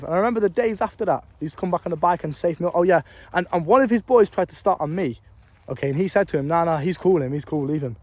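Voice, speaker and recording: Fast-talking, blunt young English man. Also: a little high, darkish tone, dry recording. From England. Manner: blunt, profane, emphatic with street slang. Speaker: vlogger. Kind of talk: casual storytelling advice. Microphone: phone.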